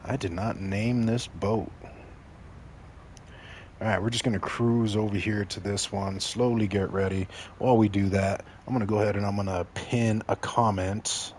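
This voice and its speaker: A man with a lowish voice chats his way through a game stream, cracking jokes and talking directly to his viewers. He is from Mexico and keeps things loose and casual, with a faint hum of background noise. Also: steady tone, moderate pace, darkish tone. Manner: joking, chatty, talks straight to chat. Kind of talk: casual gameplay commentary.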